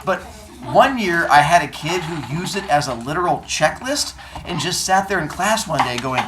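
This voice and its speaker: Mock-stern male teacher, lively voice. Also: a little high, moderate pace, noisy background. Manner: playful, mock-stern, acts out students. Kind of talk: classroom talk with deadpan humor. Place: classroom.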